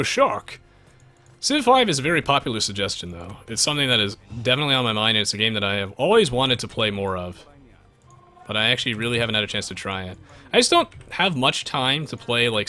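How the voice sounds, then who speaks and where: A man live-streaming a strategy game, chatting to viewers and reading their messages. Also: fairly low pitch. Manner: animated, chatty, jumps between game and viewers. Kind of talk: live gameplay commentary, reading chat.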